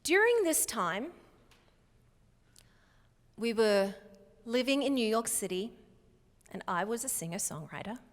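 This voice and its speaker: A middle-aged woman giving a motivational keynote talk in a large hall, speaking slowly and emphatically with clear enunciation. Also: fairly high pitch, big pitch swings. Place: large hall before a live audience. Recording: long hall reverb.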